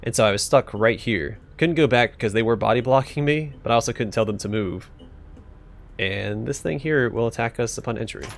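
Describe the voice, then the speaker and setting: A man's voice: medium pitch, brisk, creaky, slight background noise. A man hosting a let's play, reading game text aloud and casually thinking aloud as he plays.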